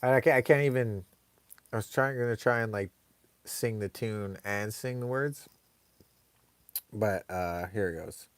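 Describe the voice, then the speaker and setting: A man's voice: fairly low pitch, unhurried, pauses often, clear, resonant tone, no room sound. A man hosting a casual live stream, rambling in a laid-back way and reading viewer comments aloud.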